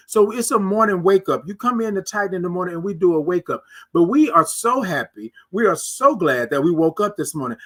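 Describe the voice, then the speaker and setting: Man, high voice, middle-aged, live morning show host, casual comment-reading chat, drawn-out repeated greetings. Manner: animated, drawn-out greetings, preacher-like repetition.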